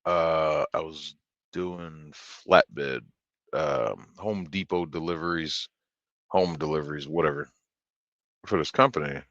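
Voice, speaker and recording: A man telling a rambling story on a stream, swearing freely and filling gaps with ums. His voice is deep and his pace is slow. The tone is bright and forceful. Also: dry recording, lo-fi sound. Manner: profane, rambling, with many fillers. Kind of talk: casual storytelling chat.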